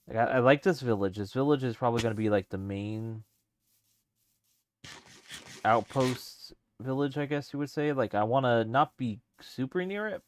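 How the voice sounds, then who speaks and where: A man streaming a let's play, rambling casually as he thinks aloud with lots of fillers. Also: medium pitch. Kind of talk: casual let's-play commentary while gaming.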